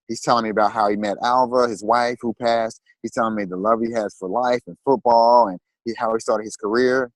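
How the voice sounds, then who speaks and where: A man, a guest on a talk show, telling a personal story in a halting way and repeating words when moved. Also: medium pitch, no room sound, rough recording.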